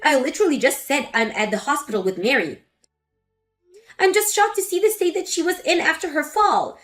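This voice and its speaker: A woman's voice: sits high, expressive, a little fast, soft background music. A woman voicing an indignant adult daughter confronting her mother in a dramatic story reading. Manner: indignant, forceful.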